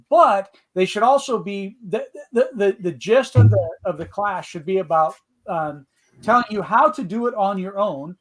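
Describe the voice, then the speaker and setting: A man co-hosting a podcast in casual chat, talking loosely and repeating words. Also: high voice. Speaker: podcast co-host.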